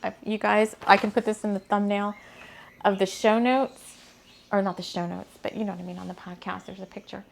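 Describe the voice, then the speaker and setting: A woman's voice: mid-range voice, fairly even intonation, fairly quick, vocal fry, a little hiss or hum. A woman hosting a spiritual podcast, chatting casually to camera in a rambling, giggly, gushing way.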